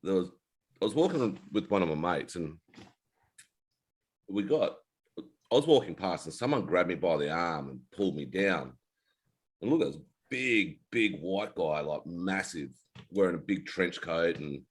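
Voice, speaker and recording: A middle-aged Australian man with a very low voice hosts an unscripted chat among friends. He spins loose, blunt yarns and swears without a second thought. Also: a little slow, long pauses. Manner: relaxed storyteller, blunt, swears freely. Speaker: podcast host, ex-Navy. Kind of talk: casual chat.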